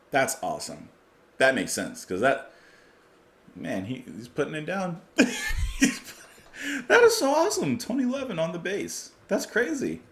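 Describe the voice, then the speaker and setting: A man hosting a music reaction video, talking casually and with excitement, and laughing often. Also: on the high side.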